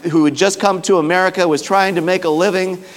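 Brief: a conversational male preacher with a somewhat high voice who drops low to make a point, with long hall echo. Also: steady tone, fast. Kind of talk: sermon.

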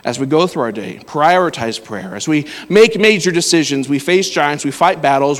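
A preacher telling personal stories in a sermon, breaking into loud exclamations. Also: male voice, medium pitch, expressive, a little fast. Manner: storytelling, swings to loud exclamations. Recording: hall reverb.

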